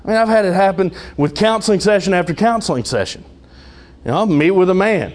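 A man's voice: high voice, animated, fairly quick. A man preaching a sermon as pastor, conversational with humorous asides and dramatic retellings.

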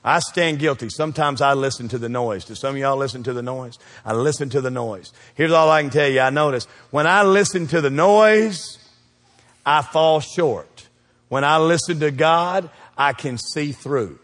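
A man preaching a sermon, asking the congregation to call out the missing words and swinging between loud peaks and quiet asides. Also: a little high, moderate pace. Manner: call-and-response preaching, asks the crowd to fill in words. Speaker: pastor. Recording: long reverb of a church hall.

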